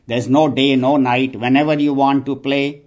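A man voicing an old saint at heaven's gate in a told joke, calmly reassuring. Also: mid-range voice, moderate pace, slight background noise, natural voice. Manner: reassuring, matter-of-fact. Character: genial elderly gatekeeper saint welcoming souls.

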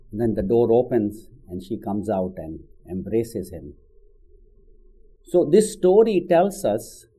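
Speaking as a spiritual teacher, a man preaches through storytelling in a conversational way, dropping frequent "you know" asides. His fairly low voice is warm and slightly rough, on a rough recording.

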